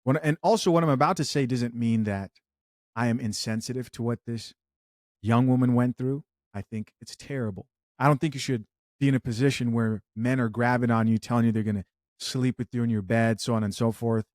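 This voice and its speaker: A man comments on a clip as host, choosing his words carefully and stacking disclaimers. His voice sits at an ordinary middle pitch. The sound is dry and close. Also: fairly even intonation, a little mellow, no room sound. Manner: measured, hedging, with disclaimers. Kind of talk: reaction commentary.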